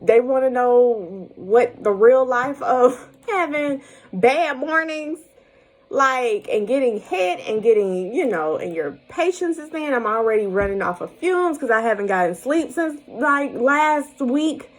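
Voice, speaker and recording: A woman's voice: on the high side, animated, a little slow, rough recording. A young woman, a single mother, telling viewers about her morning in a casual, chatty way, laughing often and reassuring them directly. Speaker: single-mom vlogger. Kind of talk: casual storytelling to camera.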